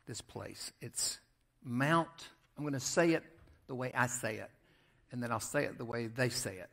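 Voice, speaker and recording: Southern American male pastor, mid-range voice, conversational sermon delivery with quiet asides. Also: medium pitch, normal speed, vocal fry. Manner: conversational storytelling, shifting between loud emphasis and quiet asides. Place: church sanctuary.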